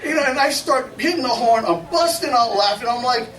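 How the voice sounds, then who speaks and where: With a very high-pitched voice and a brisk pace, a man tells funny stories at a memorial while a crowd is heard in the background. He's folksy and laughing, quoting others in lively voices during an informal storytelling eulogy in a memorial gathering hall. The recording is echoey, noisy, and far from the mic.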